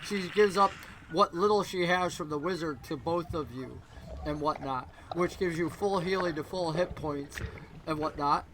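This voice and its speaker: A man narrating a tabletop game as game master, rambling and dropping into quick character voices. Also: a little high, bright, forceful tone, a little hiss or hum, poor audio.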